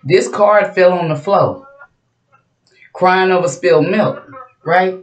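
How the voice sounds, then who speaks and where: A woman's voice: fairly low pitch, takes it slowly. Woman, tarot reader, brash, profane, mocking, echoey room. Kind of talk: casual tarot reading. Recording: roomy echo.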